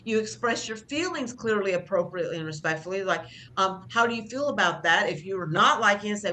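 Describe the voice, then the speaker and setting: A woman's voice: medium pitch, a little fast, sharp tone, a little hiss or hum. A middle-aged woman instructor giving a conversational classroom lecture, speaking about herself plainly and acting out short example lines. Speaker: job training instructor.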